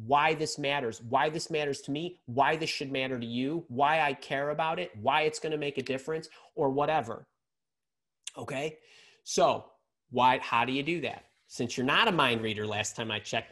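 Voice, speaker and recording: Energetic man coaching with lots of "right?". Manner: energetic, peppers talk with "right?" and repeats words; swings pitch and loudness for emphasis. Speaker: career and leadership coach. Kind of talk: live leadership lesson to an audience.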